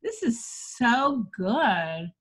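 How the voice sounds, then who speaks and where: A woman's voice: fairly high pitch, big pitch swings, very slow, fairly bright tone, breathy edge. A older woman coaching comedy in casual chat, reading jokes aloud and laughing often.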